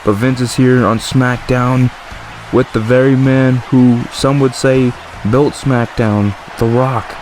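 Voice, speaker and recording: A man giving excited play-by-play commentary over a wrestling video game, calling the action as it happens. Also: mid-range voice, takes it slowly, soft background music. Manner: excited, exclamatory ringside calling.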